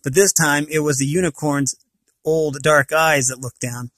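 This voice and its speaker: A man's voice: fairly high pitch, steady tone, a little slow, a bit bright, no room sound. Dry-voiced man reading a storybook aloud. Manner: stumbles and corrects himself mid-sentence. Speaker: reader of a novel.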